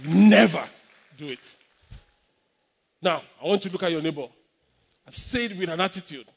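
A man with a high voice preaches to his congregation. He leans hard into repetition and calls out for the listeners to respond. His delivery is emphatic throughout. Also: normal speed, gravelly, long pauses, husky, big-room sound. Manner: emphatic preaching, with repeated exhortations and call-and-response. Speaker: pastor. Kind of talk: sermon.

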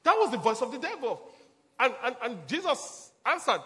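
High-voiced pastor preaching. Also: male voice, very animated, moderate pace, fairly bright tone. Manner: repetitive, emphatic preaching with chuckles. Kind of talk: sermon.

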